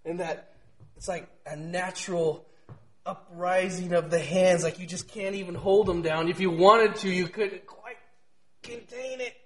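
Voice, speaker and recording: A man giving an informal devotional talk with a scratchy voice, swinging from hushed, almost whispered asides to loud shouting, laughing often between lines. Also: sits high, fairly even intonation, unhurried.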